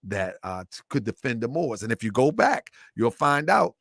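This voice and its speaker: A man's voice: mid-range voice, moderate pace, creaky, dry recording, clean studio sound. A middle-aged man hosting a show, talking in casual, rambling commentary that keeps circling back and repeating itself. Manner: animated, rambling, repeats himself, bursts of laughter. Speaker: show host.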